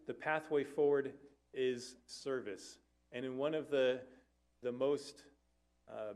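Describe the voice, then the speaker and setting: A man, a family life minister, preaching an earnest sermon to a church, with conversational asides and occasional self-corrections. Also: medium pitch.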